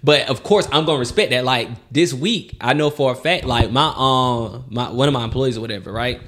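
A man co-hosting a podcast in casual chat, telling stories in lively fashion and acting out other people's voices. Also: mid-range voice, fairly quick. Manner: animated storytelling, acts out quoted voices, laughs often. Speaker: podcast co-host.

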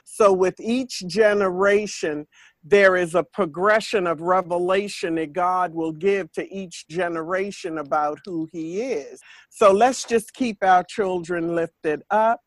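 A woman's voice: lowish voice, unhurried, dry recording. An older woman hosting a faith podcast, speaking in an earnest, repetitive preaching cadence. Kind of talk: spiritual talk monologue.

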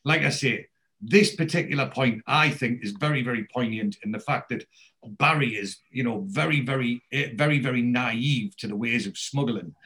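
Guy on a podcast recapping a tv show, chatty, middle pitch, just telling it like a story. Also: normal speed, fairly bright tone. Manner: chatty storyteller who acts out quoted lines. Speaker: podcast host recapping a TV series. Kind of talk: casual chat, retelling scenes.

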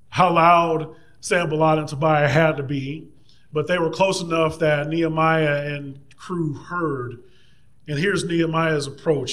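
Male preacher, slightly high voice, conversational and lively sermon delivery. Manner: conversational and animated, playful mock voices for hecklers.

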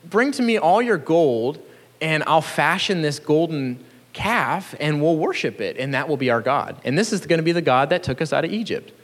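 A man's voice: fairly high pitch, lively intonation, normal speed, long reverb tail. A man voicing a flustered, evasive ancient priest who makes sheepish excuses, within a sermon.

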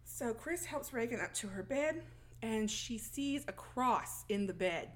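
Chatty woman recapping a movie, higher voice. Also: animated, measured pace. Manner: laughs often, acts out lines while retelling. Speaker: podcast co-host. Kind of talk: casual plot recap chat.

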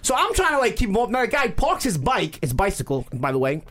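Male podcast host, quick and lively storyteller, rambling and casual. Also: high-pitched. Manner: rambling, animated, many fillers.

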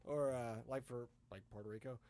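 A man co-hosting a podcast, teasing his friends with lots of fillers and pauses. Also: medium pitch, fairly even intonation, a crowd in the background. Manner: teasing, hesitant with many fillers. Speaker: podcast co-host. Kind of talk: crude casual banter.

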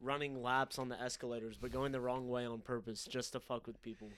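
Young guy, quick jokes, brisk delivery, middle pitch. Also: little pitch movement, fairly bright tone, clean tone. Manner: joking, quick-fire remarks. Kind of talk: casual chat.

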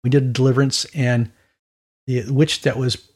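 A raspy, mid-pitched man preaches in a chatty, animated style, teaching from the Bible. His delivery is conversational, sprinkled with quick mock voices and asides.

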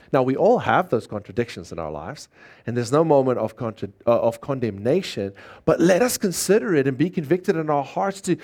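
A man's voice: a little high, a little mellow. A man preaching a sermon, earnest and emphatic, leading call-and-response in a church service. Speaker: pastor.

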